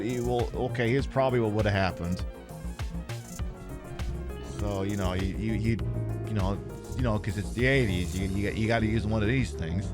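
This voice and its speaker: A man chatting casually on a live game stream, rambling and sardonic. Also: medium pitch.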